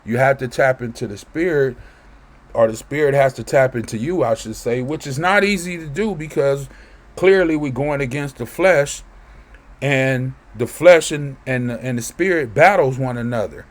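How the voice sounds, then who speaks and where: A man's voice: mid-range voice, unhurried. A man teaching from scripture in a loose, conversational way, reading verses aloud and often checking in with listeners. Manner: conversational, keeps asking "right?". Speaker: preacher.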